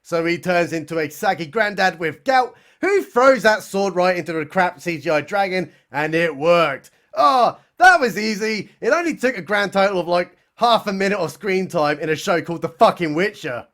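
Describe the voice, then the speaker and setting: Man, high voice, very lively pitch, sarcastic, mocking comedy recap narration. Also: moderate pace, hardly any pauses. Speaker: comedy reviewer.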